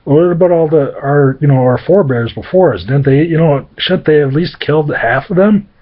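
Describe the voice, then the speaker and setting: A man's voice: a little high, normal speed, lo-fi sound, voice pushed up, lightly acted. A man doing a blunt, impatient young brother. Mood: incredulous. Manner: blunt, incredulous. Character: blunt, impatient young male zombie-slayer.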